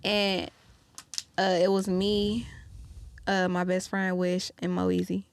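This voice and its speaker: Guesting on a podcast, a woman tells a story in a loose, animated style, cursing freely and acting out the lines people said. Her voice is fairly low and creaky, and she takes her time.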